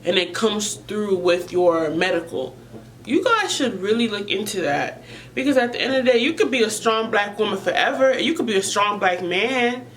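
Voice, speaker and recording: A woman vlogger opens up to her audience about mental health, earnest and emotional, circling back over the same phrases as she searches for words. She has a mid-range, fairly bright voice with lively intonation and a moderate pace, though the audio quality is poor.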